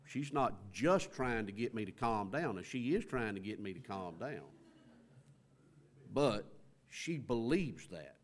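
A man's voice: on the low side, sing-song, unhurried, slight background noise. Folksy male preacher, conversational sermon. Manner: conversational, folksy, acts out quoted lines.

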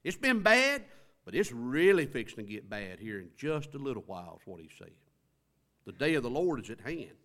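A man's voice: mid-range voice, wildly swooping pitch, moderate pace, a bit bright. A male pastor, preaching a sermon in a church with rhetorical questions and rising emphasis. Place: church sanctuary.

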